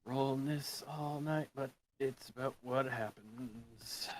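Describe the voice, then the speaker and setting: A man playing a tabletop role-playing game, speaking in a hesitant, halting way. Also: medium pitch. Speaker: player. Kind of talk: casual tabletop game play.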